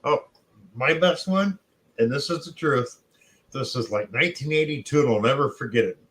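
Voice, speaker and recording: A man's voice: medium pitch, moderate pace, fairly bright tone, rough recording. A middle-aged man co-hosting a casual chat, telling anecdotes and acting out what others said. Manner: chatty storyteller who acts out quotes. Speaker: co-host.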